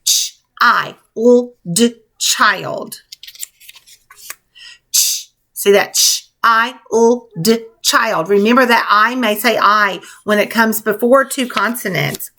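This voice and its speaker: Woman teacher spelling slowly for children. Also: fairly high pitch, pushed and bright. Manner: slow, clear, encouraging, spells letter by letter. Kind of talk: spelling lesson for young children.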